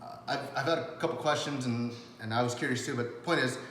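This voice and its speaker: A man's voice: medium pitch, quick pace, a bit bright, slight background noise. A man teaching rapport skills in a loose, chatty spoken lesson, full of fillers, restarts and acted-out quotes. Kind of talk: casual spoken lesson to camera. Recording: echoey room with long reverb.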